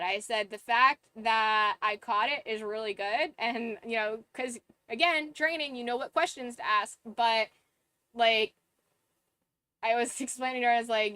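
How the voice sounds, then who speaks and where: A woman's voice: on the high side, unhurried, sharp tone, clean tone. A young woman streamer telling a story in casual chat, laughing often and swearing now and then.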